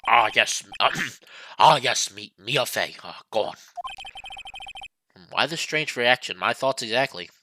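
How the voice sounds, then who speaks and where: A man's voice: mid-range voice, expressive, a little slow, long pauses, sharp tone, slight background noise, voice pushed down. A man voicing a pompous, flustered older male lawyer in a game let's play, blustering and dodging questions.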